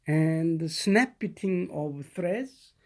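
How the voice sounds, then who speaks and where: A reader slowly reading a classic children's story aloud, with the odd small stumble and restart. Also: medium pitch, animated.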